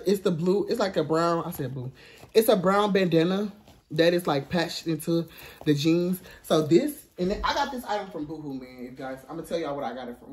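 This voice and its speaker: A young man, filming a casual try-on haul in his dorm room, out of breath, playful and sassy, with excited high squeals. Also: far from the mic. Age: young adult. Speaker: vlogger. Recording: roomy, from off the mic.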